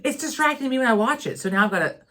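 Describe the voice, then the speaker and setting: A woman's voice: high-pitched, animated, very fast, fairly bright tone. A woman co-hosting a casual chat podcast, blunt and full of swearing. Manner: profane, blunt, exasperated. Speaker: podcast co-host.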